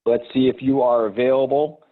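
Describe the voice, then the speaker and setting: A man's voice: mid-range voice, fairly even intonation, brisk. A man hosting a live video call, rambling and hesitant with lots of fillers. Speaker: host. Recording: tinny phone-like line.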